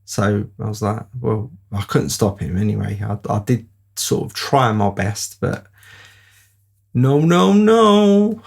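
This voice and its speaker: Gravelly man telling a story. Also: fairly low pitch, fairly even intonation, unhurried. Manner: rambling, with fillers and laughs. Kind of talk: casual spoken anecdote.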